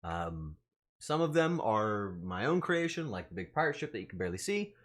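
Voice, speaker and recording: A man's voice: fairly low pitch, very animated, normal speed. A young adult man chatting casually on a livestream, joking in mock outrage and swearing freely. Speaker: streamer.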